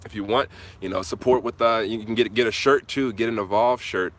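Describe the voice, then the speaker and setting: A man with a fairly low, fairly bright voice talks briskly into a hand-held phone while hosting a casual live Q&A outside. His laid-back, slangy replies answer viewers' comments.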